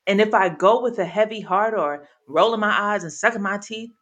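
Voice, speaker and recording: A woman's voice: medium pitch, brisk, a bit bright, highs cut off. A woman co-hosting a casual chat with her sister, thoughtful and acting out the quotes in her stories. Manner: reflective, acts out quotes with a raised voice. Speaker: podcast co-host.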